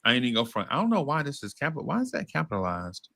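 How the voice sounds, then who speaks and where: Bright-voiced playful man hosting. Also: medium pitch, wildly swooping pitch, rapid-fire, gravelly. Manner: playful, laughs often, slangy. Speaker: podcast host running a music draft. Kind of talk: casual group chat on a video call.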